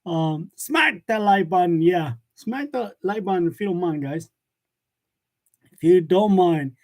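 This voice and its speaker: A man's voice: high-pitched, lively intonation, unhurried. A man hosting a casual live chat from his workshop, reading comments aloud, joking and laughing often. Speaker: live-stream host of a print shop channel. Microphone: wireless lavalier.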